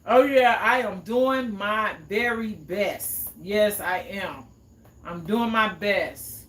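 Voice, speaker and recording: A woman's voice: mid-range voice, slow pace, fairly bright tone. A woman hosting a cooking livestream in a home kitchen, chatting casually and answering viewers' comments. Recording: echoey room, mic at a distance.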